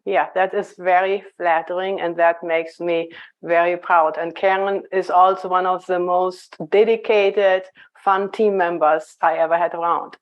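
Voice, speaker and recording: A woman from Germany with a German accent, a leadership coach explaining things in a measured way as a podcast guest. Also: on the low side, steady tone, highs cut off. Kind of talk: conversational interview.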